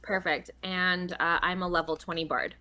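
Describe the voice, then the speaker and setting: A woman's voice: on the low side, fairly even intonation, normal speed, pushed and bright. A woman playing a tabletop game, introducing her character casually. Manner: casual, easygoing. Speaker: player.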